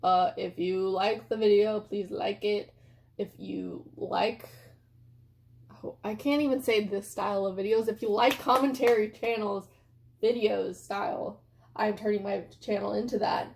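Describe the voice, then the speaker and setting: A woman's voice: mid-range voice, steady tone, unhurried, vocal fry, darkish tone, a little hiss or hum. A young woman vlogging casually at home, reviewing makeup products she regrets buying in a chatty, rambling way full of filler words. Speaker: beauty vlogger.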